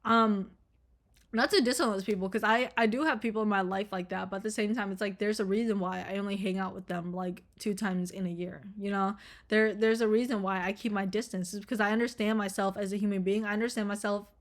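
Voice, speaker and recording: A woman's voice: medium pitch, steady tone, fast talker. Blunt, rambling young woman vlogger. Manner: blunt, profane, rambling with many fillers. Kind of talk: casual rambling monologue.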